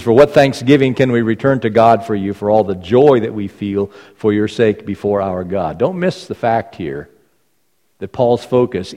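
A man's voice: fairly low pitch, mellow. A man preaching a sermon as pastor, emphatic and repeating phrases for stress. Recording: long reverb of a large hall.

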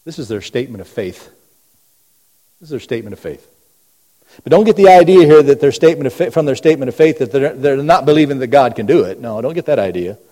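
A man preaches in a church sanctuary, his voice mellow and dark, carried by a long hall reverb. He asks rhetorical questions in a row and swings from booming emphasis to hushed, low lines. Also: lively intonation, fast. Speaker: pastor. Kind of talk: sermon.

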